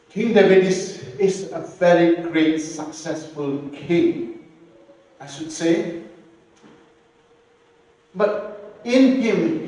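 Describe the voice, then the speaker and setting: Slow echoey preacher man. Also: sits high, darkish tone. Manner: slow, earnest preaching with repeated phrases and emphatic rises. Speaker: pastor. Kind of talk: sermon. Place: church hall. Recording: echoey church hall, voice from a distance.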